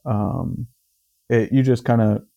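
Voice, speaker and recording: A man co-hosting a podcast in casual chat, speaking in a monotone with halting restarts. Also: mid-range voice, vocal fry, highs cut off.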